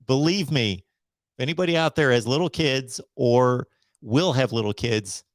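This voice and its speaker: A middle-aged man hosting a live sports call-in show who talks in a casual, preachy, emphatic way, slowing down to hammer each point. His voice sits at an ordinary pitch for a man. The sound is dry and close, with no room around it. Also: no room sound. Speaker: host of a college football call-in show. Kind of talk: casual livestream monologue.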